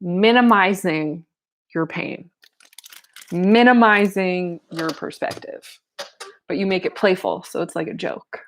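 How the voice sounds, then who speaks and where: A young woman with a low-ish, slow voice reads a book aloud, breaking off into casual commentary, laughter and exclamations.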